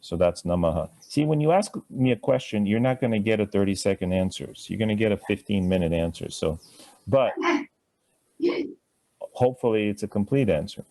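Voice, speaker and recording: Low, mellow-voiced man teaching a class. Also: lively intonation, fairly quick. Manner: chatty, asks students to repeat words. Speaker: Sanskrit teacher. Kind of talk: live classroom lesson.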